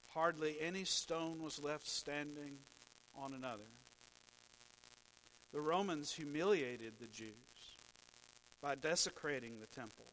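A man preaching a sermon as pastor, telling stories in a slow, measured way with dry humor. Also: on the high side, fairly bright tone, a little hiss or hum, rough recording.

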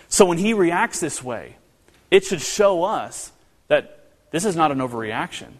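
A man preaching a sermon as a pastor, talking in a conversational way with many rhetorical questions and restarts. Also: fairly high pitch. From northern Kentucky. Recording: long reverb of a hall.

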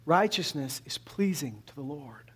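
A man from Canada preaching a sermon in a conversational, animated way, full of rhetorical questions. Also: a little high, a little slow, slightly rough. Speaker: pastor.

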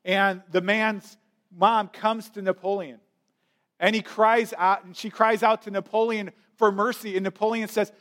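A male pastor preaching a sermon, speaking earnestly, slowing down to stress key lines and often repeating words as he restarts. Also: high-pitched, flat delivery, a bit bright.

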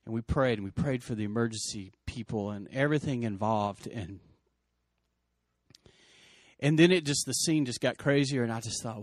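A man's voice: medium pitch, no room sound. Middle-aged man, earnest personal storyteller, swings from urgent bursts to near-whispers, close and dry sound. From West Texas. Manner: earnest, emotional, quick surges and hushed drops.

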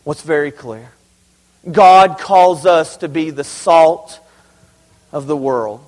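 A male pastor delivers a conversational sermon with a fairly high voice. He leans hard on key words and breaks into humorous asides to the congregation. The sound rings out with the long reverb of a large hall. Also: slow, a little mellow. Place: church sanctuary.

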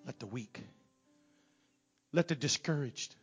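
A man preaching a revival sermon as a guest preacher in a church. He swings from loud shouting peaks down to quiet asides. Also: medium pitch, slow, slightly rough, soft background music. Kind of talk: Pentecostal sermon. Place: church sanctuary.

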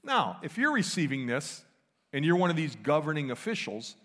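A man with a fairly high voice preaches, reading verses aloud and then unpacking them in relaxed, chatty terms. His voice rings with the long reverb of a large hall. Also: normal speed. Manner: casual, explains scripture in everyday terms. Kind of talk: sermon with Bible reading.

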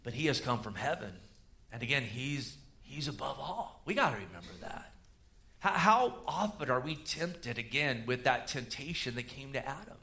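A man's voice: very animated, normal speed. Fervent man preaching. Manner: emphatic preaching, swinging from loud rises to low asides. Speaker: pastor. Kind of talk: sermon.

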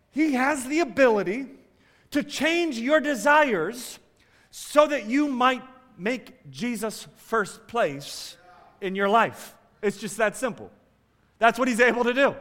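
A man preaching a sermon as a pastor, swinging between loud exclamations and quiet asides. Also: very high voice, long reverb tail.

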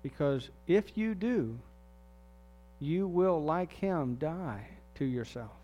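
A pastor delivering a sermon, his male voice sitting a little above the usual pitch. He speaks earnestly and steadily, turning often to ask the congregation direct questions. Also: expressive, takes it slowly, mellow, faint music behind.

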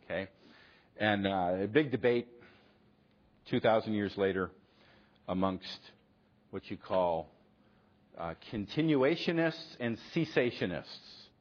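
Husky pastor preaching with "okay?" checks. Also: male voice, fairly low pitch, animated, takes it slowly, long pauses, dull audio. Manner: conversational, acts out quoted exchanges, frequent "okay?". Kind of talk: sermon.

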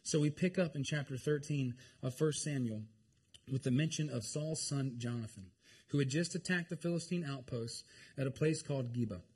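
A man preaching a lively, joking sermon to his congregation. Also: medium pitch, moderate pace, husky. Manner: animated, jokey, talks to the congregation. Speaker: pastor.

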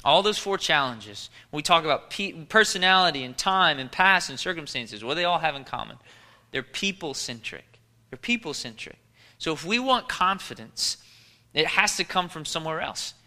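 A man preaching a sermon in a conversational, animated style, telling stories and jokes to his congregation. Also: fairly high pitch, normal speed. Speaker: pastor.

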